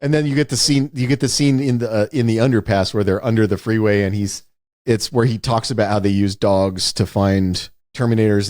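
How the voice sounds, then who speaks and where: A man's voice: fairly low pitch, darkish tone, no room sound, clean studio sound. A man co-hosting a podcast, chatting casually about a movie in an emphatic, wry way and repeating his points. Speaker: podcast co-host.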